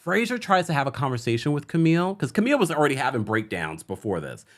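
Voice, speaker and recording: A man hosting a casual live-stream recap of reality TV, chatty and animated, quoting the people he talks about. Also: medium pitch, fast. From United States. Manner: animated, chatty, with laughs and quoted asides. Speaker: host.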